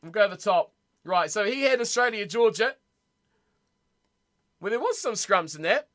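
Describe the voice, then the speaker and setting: A young man hosting a casual live-stream rugby watch party from home, chatty and excitable, reacting aloud to his chat. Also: high-pitched, moderate pace. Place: home room.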